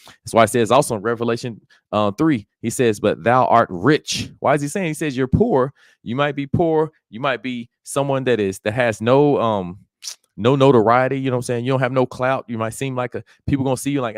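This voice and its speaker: Man, preacher, slangy casual sermon, scripture read slowly, dry close sound. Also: medium pitch, no room sound. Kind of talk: bible study sermon.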